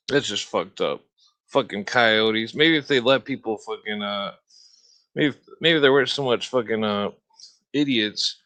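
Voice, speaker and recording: A man hosting a podcast in a rambling, profane solo rant, heavy on filler words and throat-clearing. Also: medium pitch, fairly bright tone. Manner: mocking sneer when imitating opponents. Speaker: podcast host.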